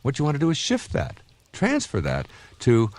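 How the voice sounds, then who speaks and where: A man's voice: mid-range voice, wildly swooping pitch, normal speed, a little mellow, dry recording. A man in his fifties giving a recorded self-help talk in an earnest, conversational, anecdotal way. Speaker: self-help author and speaker.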